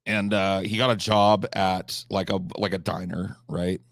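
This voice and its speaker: A man hosting a live stream, telling rambling, absurd comic stories with deadpan delivery and profane asides. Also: sits low, a little slow, no room sound, clean studio sound. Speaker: livestream host.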